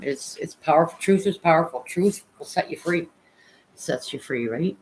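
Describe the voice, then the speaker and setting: A woman's voice: low voice, moderate pace, darkish tone, low-quality recording. A woman hosting a livestream, giving earnest advice and repeating key words for emphasis. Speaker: livestream host. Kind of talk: heartfelt advice chat.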